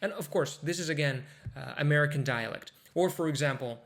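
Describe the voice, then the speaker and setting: A man giving a casual pronunciation lesson, demonstrating words slowly and with emphasis. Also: medium pitch. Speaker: pronunciation teacher.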